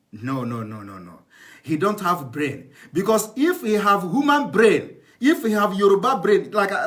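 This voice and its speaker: High-voiced scornful man ranting. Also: a bit bright. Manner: scornful, repeats phrases, asks listeners rhetorical questions. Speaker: online show host commenting on a TV clip. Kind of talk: heated political commentary.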